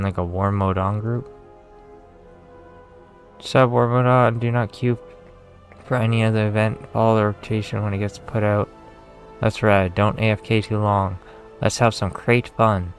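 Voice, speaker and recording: Man, Canadian accent, young adult, streamer chat, rambling, profane, slightly low pitch. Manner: rambling, profane, self-mocking. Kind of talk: casual game stream chat.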